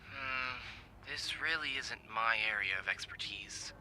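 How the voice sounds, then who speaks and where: An actor playing a friendly young male hotel receptionist in a game, joking and slipping into a hushed, conspiratorial whisper. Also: medium pitch, unhurried, a little hiss or hum, poor audio. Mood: playful.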